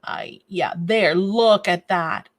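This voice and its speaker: A woman's voice: on the low side, takes it slowly. A woman hosting a casual craft livestream, chatting with viewers and fussing over a sore torn nail. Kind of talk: casual live chat while crafting.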